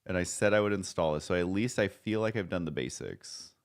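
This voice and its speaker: A man's voice: deep voice, animated, fairly quick. A man streaming live, chatting casually and rambling, joking at his own expense and swearing now and then.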